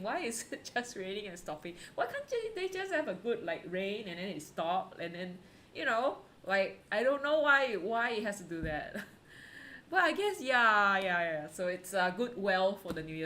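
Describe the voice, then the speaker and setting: Woman, art stream host, chatty, giggly, lots of fillers, mid-pitched voice. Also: fairly bright tone. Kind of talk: casual livestream chat.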